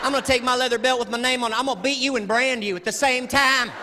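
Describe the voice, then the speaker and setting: A man's voice: very high voice, fairly even intonation, fast talker, noisy background, pitched above the performer's own voice. A man voicing a fierce mother who threatens her child with gleeful, detailed menace. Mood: threatening. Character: fierce Southern mom threatening a spanking. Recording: echoey hall, crowd laughter.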